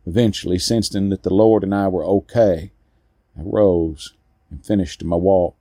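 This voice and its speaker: Low, dark-voiced male storyteller. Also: fairly even intonation, dry recording, studio quality. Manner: slow, deliberate, with weighty pauses. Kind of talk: dramatic first-person story narration.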